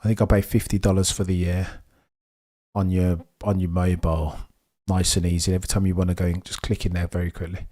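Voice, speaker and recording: A young man with a Birmingham accent, hosting a live race watchalong stream in a chatty, excitable way, answering viewers as he goes. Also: deep voice, brisk. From England. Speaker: livestream host. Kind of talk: casual live race commentary.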